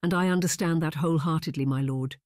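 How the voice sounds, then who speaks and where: A man doing an earnest young woman in an audiobook, her lines lifted higher than the narrator's own voice and a little shaky. She addresses her superior with careful, deferential politeness. The sound is dry and close. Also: steady tone, quick pace, darkish tone, dry recording, natural voice. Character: young destitute woman, earnest governess trainee. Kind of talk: audiobook character voice.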